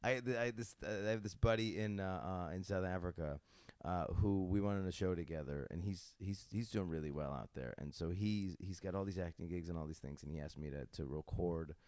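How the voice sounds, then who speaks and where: A man's voice: low voice, fairly quick, few pauses, a little mellow, no room sound. A young man from upstate New York, hosting a podcast in casual chat, rambling with lots of fillers and laughing often. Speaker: podcast host.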